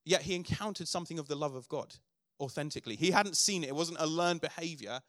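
Male pastor, middle-aged, earnest sermon delivery, slightly high voice, dry close sound. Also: fast, fairly bright tone, no echo. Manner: earnest preaching, builds to emphatic declarations.

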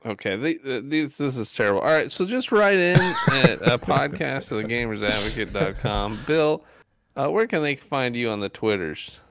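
A man's voice: medium pitch, expressive, normal speed, vocal fry, a bit bright. A man co-hosting a gaming podcast in casual, joking chat, wrapping up the show. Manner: joking, laid-back. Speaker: podcast co-host.

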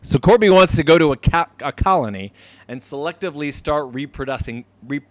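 A man co-hosting a podcast, casually recapping an episode, laughing often and acting out lines in quick voices. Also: fairly high pitch, animated, dry recording. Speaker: podcast co-host.

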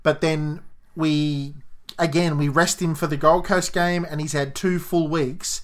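A man's voice: on the high side, steady tone, measured pace. A man with an Australian accent co-hosting a podcast, reading listener questions and giving his own football opinions. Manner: chatty, reads out listener questions. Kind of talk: casual footy chat.

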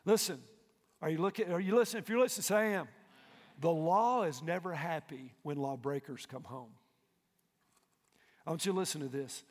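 A male pastor preaching a fervent sermon in a large church auditorium. He swings from hushed asides to loud shouts and keeps asking the congregation to respond. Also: on the high side, fairly quick, long pauses. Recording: long hall reverb.

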